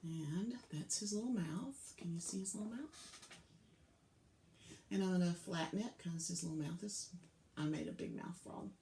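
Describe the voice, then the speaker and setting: A woman's voice: on the low side, moderate pace, long pauses, a little hiss or hum. Patient woman teaching a kids' clay craft. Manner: patient, step-by-step, softly drops to near whispers. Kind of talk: clay crafting tutorial for children. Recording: echoey room, faint clicks.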